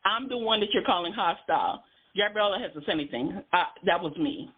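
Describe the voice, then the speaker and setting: A woman's voice: fairly low pitch, animated, brisk, slightly rough. A woman on a talk panel who speaks emphatically and often cuts in over others. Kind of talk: lively panel chat. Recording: tinny call audio.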